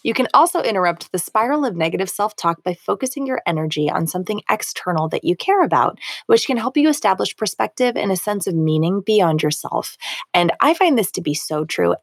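A woman's voice: lowish voice, animated, brisk, vocal fry, no echo, clean studio sound. A woman co-hosting a podcast from home over a call, chatting casually in a bubbly, jokey way while reading from notes. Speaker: podcast co-host.

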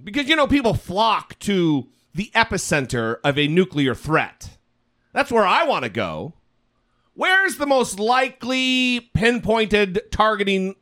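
A man's voice: sits high, bright, forceful tone. A man co-hosting a political podcast, ranting sarcastically and swearing freely. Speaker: podcast co-host. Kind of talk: casual political chat.

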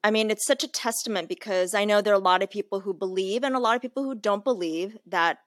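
A woman's voice: mid-range voice, fast talker, dry recording. Affirming woman host, dry sound. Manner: affirming, reflective, many soft "mm" responses. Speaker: podcast host. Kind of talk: conversational interview.

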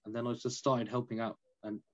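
Man, podcast guest, storytelling, emphatic and chatty, mid-low voice, lo-fi dull recording. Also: a little fast. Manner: animated, emphatic, peppered with "innit" and "you know". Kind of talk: casual storytelling chat.

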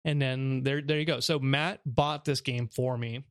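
A middle-aged man co-hosting a podcast, chatting casually and telling an animated story with frequent laughter. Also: a little slow, clean tone, no room sound, clean studio sound. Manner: animated storyteller, laughs often, mimics high voices. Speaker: podcast co-host. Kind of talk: casual chat.

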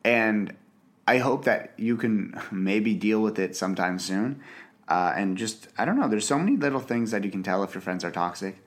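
A man's voice: fairly low pitch, moderate pace. A young man hosting a casual solo podcast, rambling and self-deprecating, often restarting his sentences. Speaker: podcast host. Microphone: podcast mic, filmed for video.

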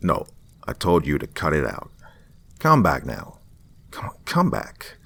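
A gruff, middle-aged father , as a man voices him, speaks in a very deep, gravelly voice. He is worried and angry, and he presses the same demands again and again. It is a storybook voice close to the narrator's own. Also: very animated, slow pace, fairly bright tone, heavily acted. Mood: insistent. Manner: insistent, repeating himself.

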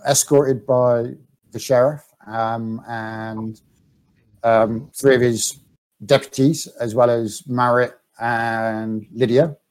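A man's voice: medium pitch, fairly even intonation, takes it slowly, a little mellow, clean tone, rough recording. Hesitant man narrating a tabletop game. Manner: hesitant, many ums, chuckling. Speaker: game master.

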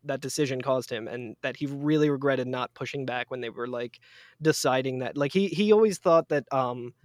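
A man's voice: mid-range voice, moderate pace, no echo. Rambling man on a podcast, dry sound. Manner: rambling, many fillers and restarts. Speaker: podcast guest. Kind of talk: casual podcast chat.

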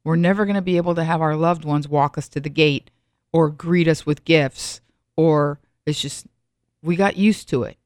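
A woman's voice: deep voice, normal speed, darkish tone, dry recording, clean studio sound. A middle-aged woman giving a reflective solo monologue, rambling with frequent restarts and asides.

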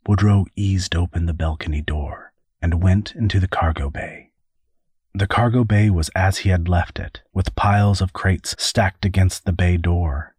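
Casting: male narrator, very low husky voice, steady storytelling, dry close recording. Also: dry recording. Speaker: audiobook narrator. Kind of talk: scripted narration.

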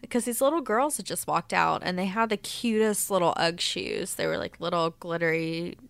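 Excitable woman guest with a smooth lower voice, rapid and giddy, dry close sound. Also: no room sound. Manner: fast, animated, laughing storyteller who swears freely. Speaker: podcast co-host, guest. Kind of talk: excited casual chat.

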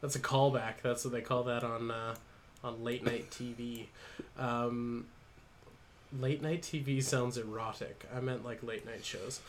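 A man's voice: medium pitch, steady tone, unhurried, a little hiss or hum. A man co-hosting a podcast in casual chat, joking around and asking his co-host questions. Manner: jokey, laughs easily, asks questions.

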